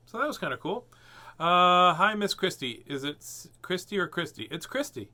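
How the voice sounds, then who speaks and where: Playful bright-voiced man reading stories. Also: high voice, animated, brisk. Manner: playful, jokey. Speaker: storybook reader host. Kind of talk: casual livestream storytime.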